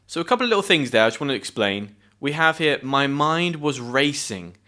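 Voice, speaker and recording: Bright-voiced British man teaching English. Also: medium pitch, very animated. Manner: friendly, clear explanations with pauses to define words. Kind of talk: reading a story aloud and explaining vocabulary.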